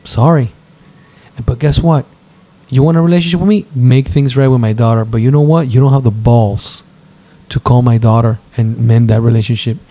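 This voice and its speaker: A middle-aged man hosting a podcast, telling a heated story in casual chat and mimicking others in a higher voice. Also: warm tone. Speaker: podcast host.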